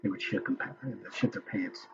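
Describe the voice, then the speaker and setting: A political commentator with a lowish, slightly fast voice rants casually and angrily about a hearing he's watching, swearing often. The audio is dull, with music in the background.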